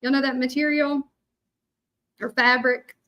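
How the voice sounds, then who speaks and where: A woman's voice: high-pitched, flat delivery, measured pace, pushed and bright. A middle-aged woman from Louisiana with a Southern accent, chatting casually with viewers while crafting, rambling with many fillers. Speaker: hand-lettering artist. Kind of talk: casual craft livestream chat.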